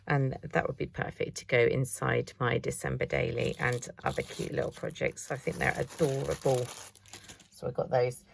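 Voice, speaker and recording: A woman's voice: deep voice, gravelly, a little hiss or hum. A middle-aged woman chatting casually through a craft haul, thinking aloud as she shows each item. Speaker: craft vlogger.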